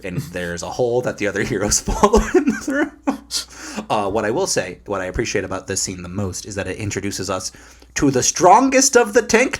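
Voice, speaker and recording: Lowish-voiced guy cohosting a chatty podcast, lively, laughs a lot, says like constantly. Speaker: podcast co-host. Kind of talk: casual chat.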